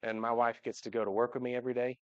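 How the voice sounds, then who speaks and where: Racing along in a flat, mid-range voice, a man gives his church congregation a personal talk about his family that is joking but heartfelt. He's at the front of the sanctuary, and the livestream audio is dull.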